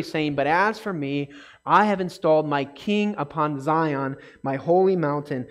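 A man teaching a casual Bible study, talking conversationally and checking in often with listeners, and getting animated when reading scripture aloud. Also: fairly high pitch, moderate pace.

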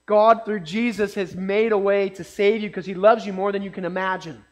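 A man's voice: sits high, fairly even intonation, moderate pace, darkish tone. A man preaching a casual sermon in a conversational way, often checking in with his listeners.

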